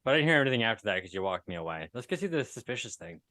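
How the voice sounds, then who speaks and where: A laid-back man playing a tabletop game, with a low voice. He describes what his character does in a relaxed, chuckling way. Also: racing. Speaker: player. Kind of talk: tabletop role-play, describing actions.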